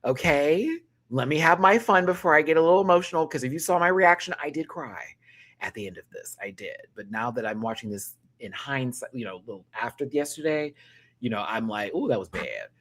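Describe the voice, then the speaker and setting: A young man hosting a live review chat, sassy and animated, laughing and then dropping to quiet asides. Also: on the high side, fairly quick. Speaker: host reviewing a reality show live.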